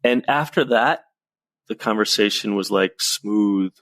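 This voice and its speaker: A man coaching on presentations, telling lively anecdotes as a podcast guest. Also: lowish voice, a little slow, dry recording. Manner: lively storyteller, animated anecdotes. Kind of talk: casual podcast conversation.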